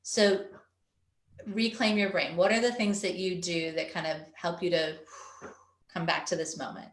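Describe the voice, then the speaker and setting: A woman's voice: on the low side, steady tone, normal speed, roomy sound, a little hiss or hum. A woman parenting coach giving an earnest webinar talk over a video call, often acting out a stressed parent's inner thoughts. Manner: earnest, explanatory, acts out quoted parent thoughts. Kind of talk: webinar presentation.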